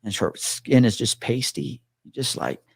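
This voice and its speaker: A man's voice: medium pitch, expressive, measured pace, vocal fry, slightly rough, no room sound, clean studio sound. A man telling a story in casual chat, swearing freely and acting out the people in it. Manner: swears freely, acts out quoted voices.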